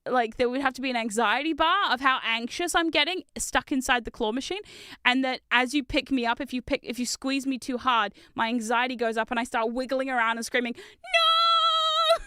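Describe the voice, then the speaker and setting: A high, bright woman's voice, giggly and excitable, chatting with her livestream viewers while she builds Lego. Her tone is smooth and crisp, and she swears readily when a piece slips away. The sound is close and dry. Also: fairly quick, dry recording. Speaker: VTuber streamer.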